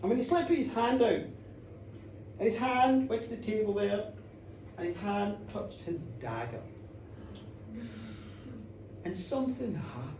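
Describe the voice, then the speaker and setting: Woman spinning a yarn at the pub, chatty and lively, mic a bit far off, faint room buzz. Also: mid-range voice, a little slow, pauses often, noisy background. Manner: chatty, animated, playing to the crowd. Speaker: storyteller. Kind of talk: live oral storytelling. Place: pub with a live audience. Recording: echoey live bar, from a distance.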